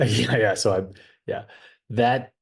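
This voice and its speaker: A man in his forties from the United States, a retired army officer, telling stories in an interview, animated and laughing at himself. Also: mid-range voice, slow, vocal fry, slightly rough. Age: 40s. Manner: animated storyteller, acts out dialogue, laughs at himself. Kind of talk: conversational interview storytelling.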